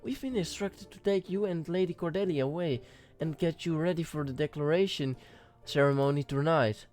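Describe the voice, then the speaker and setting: A man's voice: on the high side, moderate pace, darkish tone, soft background music, close to an everyday voice. A man reading the lines of a deferential young handmaid in a story game. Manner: deferential and eager to help. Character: polite young female handmaid.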